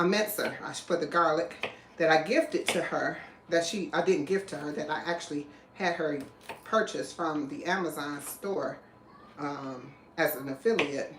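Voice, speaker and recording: A woman's voice: low-pitched, a bit bright. A chatty woman hosts a live cooking show from her kitchen. She rambles between chopping and greeting viewers. Her voice bounces around an echoey room with a faint hum of noise behind it. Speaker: cooking livestream host. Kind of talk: casual live cooking chat. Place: home kitchen.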